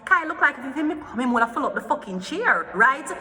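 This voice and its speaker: A woman's voice: sits high, sing-song, fairly quick, bright, forceful tone, long reverb tail. Profane, heated woman ranting. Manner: profane, heated, swearing often. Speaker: tarot reader. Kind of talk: ranting gossip commentary.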